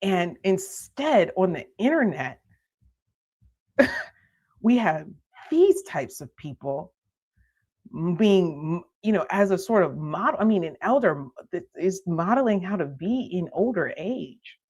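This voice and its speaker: A woman with a lowish voice rants on her live stream, indignant and laughing in disbelief as she circles back and restarts her sentences. She speaks straight into a streaming mic. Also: sing-song, measured pace, a little mellow, slightly rough. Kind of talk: commentary rant on a live stream.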